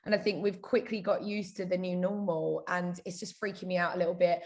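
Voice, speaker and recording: A woman speaks as a podcast guest in a slightly low voice. She sounds upbeat and frank, opening up easily in a casual conversation. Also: flat delivery, a little fast, darkish tone. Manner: upbeat, candid, open about feelings. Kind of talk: casual chat.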